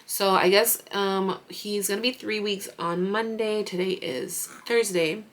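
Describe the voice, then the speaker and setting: A woman's voice: mid-range voice, brisk, hardly any pauses. A woman in her thirties, a mother vlogging, chatting casually and animatedly through a story with lots of fillers.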